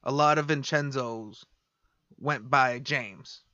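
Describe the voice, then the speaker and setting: A man's voice: mid-range voice, slow, sharp tone, no room sound, muffled recording. A man co-hosting a podcast, casually telling a history story with swearing and laughs. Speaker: podcast co-host. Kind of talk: casual chat.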